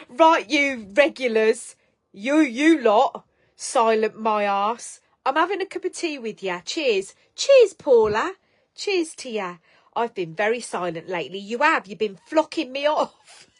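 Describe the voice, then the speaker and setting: Chatty, blunt woman hosting a live stream. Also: on the high side. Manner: blunt and sweary, affectionate and teasing. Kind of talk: casual chat greeting viewers.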